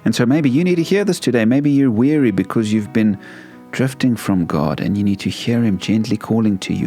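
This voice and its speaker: A man hosting a devotional talk about a hymn, speaking gently and earnestly, often pleading with the listener. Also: fairly low pitch, animated, a little fast, faint music behind. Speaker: Christian devotional host.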